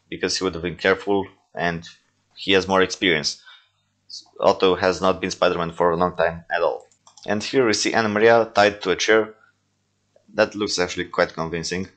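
Low-voiced man rambling over his toy films. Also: steady tone, moderate pace, fairly bright tone. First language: not English. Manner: rambling, with frequent fillers and self-corrections. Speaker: toy film creator commenting on his own movies. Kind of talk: casual reaction commentary.

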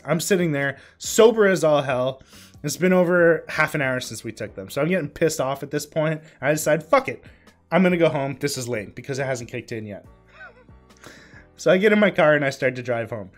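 A man in his twenties telling a story from his past in a casual vlog, swearing freely, breaking into laughter mid-sentence and filling pauses with ums. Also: a little high. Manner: lots of ums and uhs. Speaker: vlogger.

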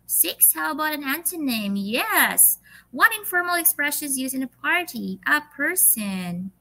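A woman's voice: on the high side, sharp tone, poor audio. A Filipino woman teacher leading an online English lesson, reading quiz questions patiently and drawing her words out, with Tagalog fillers. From Philippines.

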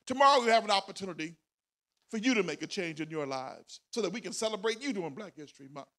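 Very high, bright-voiced energetic male host. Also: fast talker. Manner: loud, energetic, hyping up the audience. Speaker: event host speaking to students. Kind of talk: motivational speech to a crowd. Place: large performing arts center auditorium.

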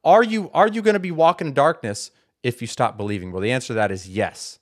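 A man's voice: mid-range voice, quick pace. A man giving Bible teaching commentary, emphatic, asking rhetorical questions and answering them himself. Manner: repeats words for stress.

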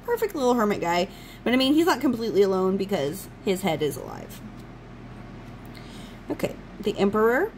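Casting: woman vlogger, mid-pitched, gushing fan chatter, casual unboxing. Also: a little hiss or hum, rough recording. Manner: gushing, enthusiastic fan talk. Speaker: channel host.

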